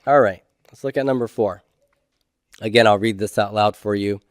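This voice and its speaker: A middle-aged Hebrew instructor with a lowish voice leads a grammar class, moving slowly and methodically through each step and often checking in with "okay?". There's no room sound in the recording.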